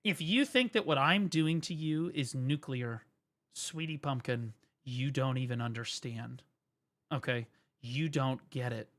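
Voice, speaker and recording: A man's voice: medium pitch, unhurried. A man streaming, ranting and mocking in a profane comedic style at a desk microphone. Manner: profane, mocking, lively rant.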